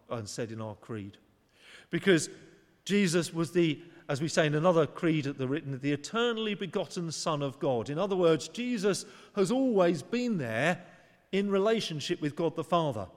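A man's voice: a little high, in a large hall. A man preaching a sermon in an earnest, conversational way, sometimes acting out short voices for emphasis. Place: church.

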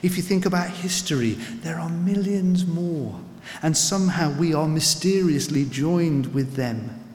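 A man preaching a sermon in an earnest, unhurried way, repeating words as he goes. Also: a little high, expressive, darkish tone. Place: church. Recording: echoey church with long reverb.

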